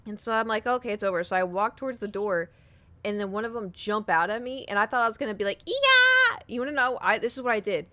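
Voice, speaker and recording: Animated, giggly young woman streamer. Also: medium pitch, fast talker, dry recording. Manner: animated storytelling, giggly, swears casually. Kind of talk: casual chat with stream viewers.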